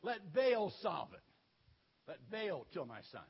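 Man voicing protective father, fierce, low menacing tone, husky voice, lo-fi. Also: big pitch swings, takes it slowly, exaggerated voice.

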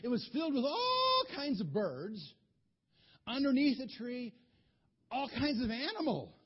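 A boastful, easily rattled king from a children's Bible story, as a man puts him on rambles along with halting restarts. His voice sits fairly high and breathy and swings widely in pitch. The recording sounds dull and lo-fi. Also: big pitch swings, full character voice. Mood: rambling.

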